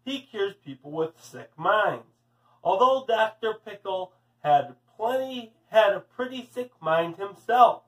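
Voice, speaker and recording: Slow, high-voiced man reading to kids. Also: animated, a bit bright, distant mic, poor audio. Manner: friendly, addressing kids. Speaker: teacher reading aloud. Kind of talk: storybook read-aloud for children.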